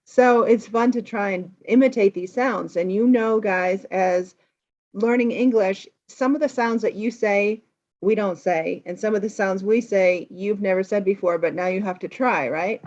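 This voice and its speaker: A woman with an American accent retells a film for English learners, explaining as she goes. Her voice sits at a middle pitch and comes through a little dull and lo-fi. She talks in a casual, lively way. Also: normal speed. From United States. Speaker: English teacher, host.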